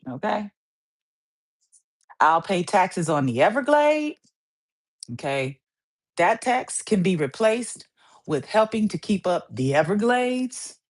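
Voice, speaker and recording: Lady podcast host riffing solo, low-ish voice that swings all over, says stuff twice. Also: slow pace, long pauses. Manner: animated, playful ranting with repeated phrases. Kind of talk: casual solo monologue.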